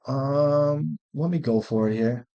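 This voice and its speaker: A man's voice: medium pitch, takes it slowly, mellow, dull audio. Man muttering through a card game. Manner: profane, muttering, thinking aloud. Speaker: streamer playing a card game. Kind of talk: casual gameplay commentary.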